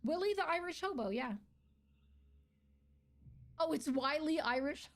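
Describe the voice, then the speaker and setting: Streaming her gameplay live, a woman talks to her viewers in a high, unhurried voice with lively intonation. When things go badly she shrieks and swears.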